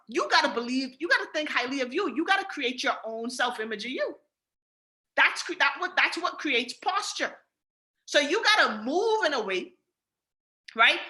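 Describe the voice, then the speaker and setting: Bahamian woman, team trainer: bright, high voice with lots of swing, emphatic and direct. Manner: emphatic, repetitive, addresses listeners directly.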